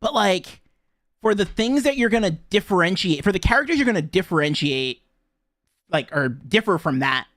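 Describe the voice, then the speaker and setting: A man's voice: sits high, animated, normal speed, fairly bright tone, dry recording, clean studio sound. A man co-hosting a casual podcast about a video game, joking and laughing often as he talks. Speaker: podcast co-host.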